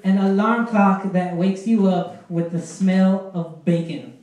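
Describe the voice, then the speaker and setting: A man doing a stand-up comedy set at an open mic, telling crude stories with a deadpan delivery. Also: high-pitched, takes it slowly. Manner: deadpan storytelling, crude punchlines. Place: small club at an open mic. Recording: very echoey room.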